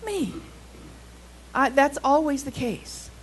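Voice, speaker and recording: A woman pastor preaching a sermon to a congregation, telling a story with quick, animated asides. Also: high-pitched, a little hiss or hum. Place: in front of a congregation.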